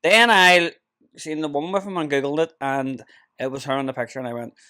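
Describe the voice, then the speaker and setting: A man's voice: fairly high pitch, fairly even intonation, a little fast, sharp tone, no echo, studio quality. A man from Ireland, hosting a casual podcast chat and telling stories full of swearing and laughter. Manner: swearing storyteller, laughs often. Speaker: podcast host.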